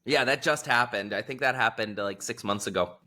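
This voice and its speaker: A man as an interview guest, telling a rambling, animated story in casual conversation and leaning on lots of filler words. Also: medium pitch, fairly quick.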